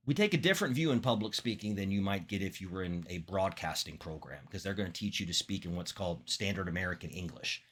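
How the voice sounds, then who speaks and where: A man from Florida teaching public speaking in a lively lecture, with emphatic pitch jumps and deliberate pauses. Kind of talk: classroom lecture.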